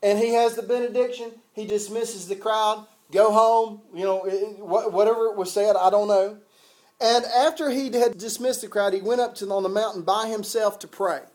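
Folksy pastor preaching. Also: male voice, high-pitched, moderate pace, darkish tone. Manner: folksy, conversational preaching with frequent restarts. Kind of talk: sermon.

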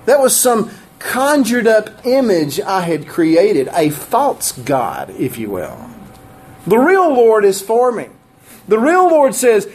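A pastor with a high voice preaches a sermon slowly, animated and emphatic. He repeats phrases and drops in laughing asides.

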